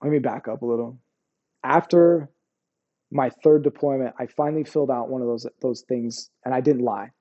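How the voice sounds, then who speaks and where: A man's voice: mid-range voice, moderate pace, warm tone, dull audio. A man in his forties, an army veteran guest, telling his story bluntly in casual, profanity-laced talk full of "bro" and "like".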